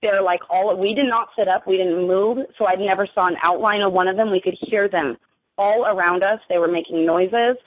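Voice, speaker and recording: A woman's voice: mid-range voice, steady tone, moderate pace, rough recording. A young adult woman gives an emotional first-person account as an interview guest, often stopping to restart her sentences and using many fillers. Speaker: guest recounting an encounter.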